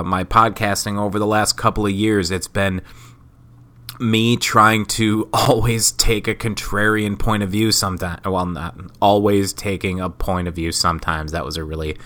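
A man's voice: fairly low pitch, pushed and bright. A sick man hosting a solo podcast, rambling in a profane, self-mocking way. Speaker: podcast host. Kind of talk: casual solo podcast monologue.

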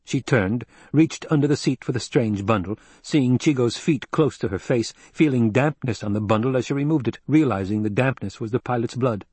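A man giving steady, measured audiobook narration, recorded close on a studio mic. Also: medium pitch, husky, no room sound.

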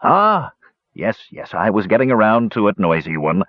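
A man's voice: lowish voice, big pitch swings, moderate pace, dry recording. A man voicing a cold, mocking captor who keeps a caged squirrel, speaking in a teasing drawl. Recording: dull lo-fi recording.

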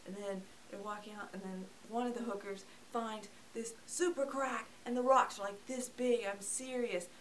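A woman's voice: medium pitch, steady tone, moderate pace, hardly any pauses, a little hiss or hum. A woman giving a chatty, joking movie review and acting out the characters. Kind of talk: casual comedic movie review.

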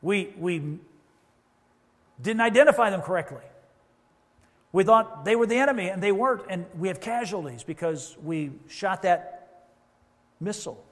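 A man's voice: high-pitched, lively intonation, normal speed, pauses often, a bit bright. A man preaching a sermon as pastor, conversational, with asides and quoted voices. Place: church sanctuary. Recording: reverberant church hall.

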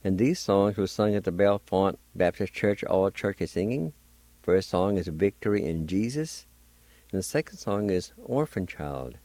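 A man hosting a radio language lesson, spelling words letter by letter and repeating each word slowly. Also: sits low, lively intonation, warm tone, dry recording. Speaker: radio host teaching Cherokee words.

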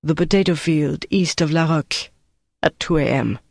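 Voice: medium pitch, normal speed, vocal fry, dry recording, clean studio sound. Narrator voicing a desperate Frenchman, defiant then broken. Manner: swings from defiant to pleading. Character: desperate male French resistance prisoner.

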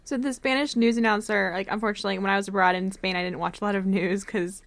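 A young woman hosts a college radio interview, asking questions in a relaxed, friendly way. Her voice carries a gravelly fry, and the room sound is dry and close. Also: mid-range voice, quick pace, no room sound.

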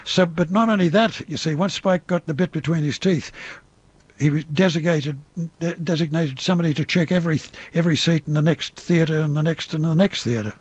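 An older Australian man recounts his stage and radio years as an interview guest, wandering through stories with restarts. His voice sits slightly high with a husky grain. The recording is dry, with no room sound. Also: fairly quick, no echo, dull audio. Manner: rambling raconteur, hesitant restarts, mimics others in quotes. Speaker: interview guest, veteran entertainer. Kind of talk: anecdotal storytelling interview.

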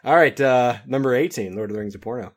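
A man hosting a quiz on a casual podcast, playful and quick to laugh. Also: mid-range voice. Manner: playful, laughing while reading questions. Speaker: quiz host.

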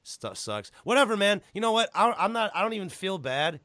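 A man hosting a podcast in casual chat, excitable and joking, swearing freely. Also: high-pitched, brisk, no room sound, studio quality. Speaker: podcast host.

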